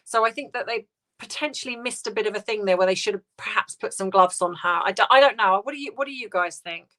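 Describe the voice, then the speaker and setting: A woman hosting a casual livestream, reading out viewer comments and answering in a soft, hesitant, sympathetic way with many restarts. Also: mid-range voice, fast. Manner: sympathetic, tender replies to viewers.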